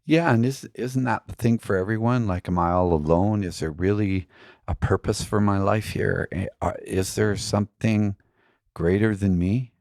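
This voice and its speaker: A man's voice: lowish voice, moderate pace, a little mellow, no echo, studio quality. A man talking as a podcast guest, telling his story in a reflective way with many "you know" fillers.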